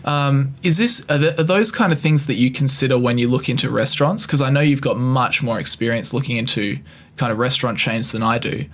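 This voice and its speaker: A young adult man co-hosts a podcast in casual chat, rambling along with sarcasm and plenty of self-mockery. He speaks briskly at a medium pitch.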